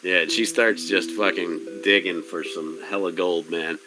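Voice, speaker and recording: A man narrating a tabletop game as game master in a loose, rambling way, switching quickly between characters' lines. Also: sits low, fairly even intonation, sharp tone, faint music behind.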